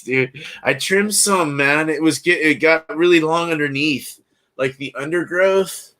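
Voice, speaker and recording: A man's voice: mid-range voice, a bit bright. A man hosting a livestream, chatting casually with viewers in a laid-back, slangy way and laughing often. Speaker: livestream host. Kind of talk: casual chat with live chat.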